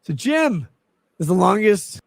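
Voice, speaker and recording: Gravelly high-voiced drunk man streaming. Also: very animated, slow, dry recording. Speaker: livestreamer. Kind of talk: rambling drunk stream talk.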